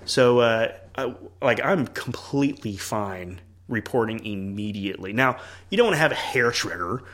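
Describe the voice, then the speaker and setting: A man's voice: on the low side, lively intonation, normal speed, a bit bright. A man who is a church leader and parent, talking earnestly in a casual podcast conversation and acting out quoted dialogue.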